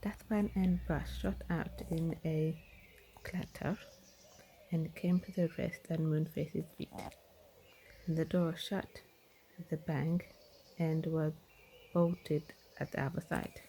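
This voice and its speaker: A woman's voice: sits low, fairly even intonation, slow, long pauses, mellow, slight background noise. A woman reading a children's storybook aloud in a whispered role-play style. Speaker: reader.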